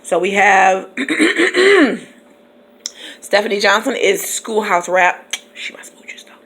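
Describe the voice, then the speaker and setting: A woman's voice: mid-range voice, sing-song, takes it slowly, creaky, fairly bright tone, husky. A woman teacher from Michigan, chatting casually in her car and laughing often. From Michigan, USA. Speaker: teacher and vlogger. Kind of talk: casual chat.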